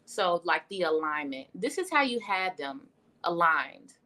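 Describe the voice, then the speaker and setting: A woman's voice: on the low side, big pitch swings, unhurried, sharp tone. A young woman giving a casual tarot reading on a livestream, blunt and profane as she talks. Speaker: tarot reader. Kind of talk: casual spiritual livestream talk.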